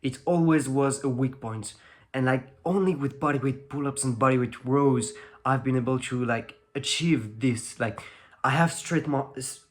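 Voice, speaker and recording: A teenage French guy talks to the camera in English with a clear French accent, his voice at an ordinary middle pitch. He rambles loosely, stacking fillers and restarting his sentences as he goes. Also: normal speed. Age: teens. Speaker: fitness vlogger. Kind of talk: casual talk to camera.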